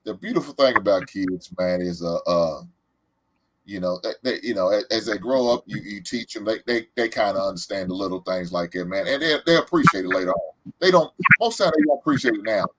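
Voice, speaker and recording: A man's voice: on the low side, animated, a little fast, a bit bright, a little hiss or hum, poor audio. A man in his forties hosting a podcast, chatting casually in a laid-back, repetitive storytelling way with lots of fillers. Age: 40s. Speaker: podcast host. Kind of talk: casual chat.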